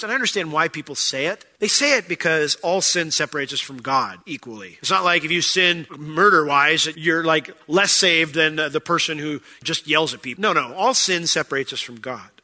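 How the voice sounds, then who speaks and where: Animated man preaching in a reverberant hall. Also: a little high. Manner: animated, swings between loud bursts and quiet intensity. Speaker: pastor. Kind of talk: sermon.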